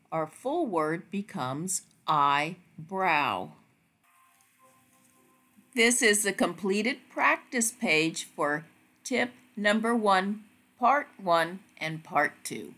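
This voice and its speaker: A woman narrating a phonics lesson for teachers, speaking slowly and carefully as she walks through each word. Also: lowish voice, sharp tone. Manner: slow, careful, deliberate word-by-word delivery.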